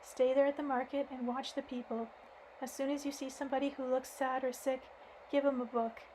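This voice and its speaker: A woman's voice: high voice, level tone, fairly quick, mellow, slight background noise, natural voice, rough recording. A woman voicing an elderly male philosophy professor who gives mild, reassuring instructions. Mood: calm, reassuring.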